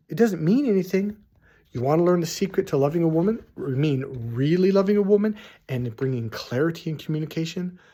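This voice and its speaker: A man's voice: fairly high pitch, a little mellow. A middle-aged man, a dating coach, telling a rambling, emphatic story to his viewers. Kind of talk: storytelling monologue.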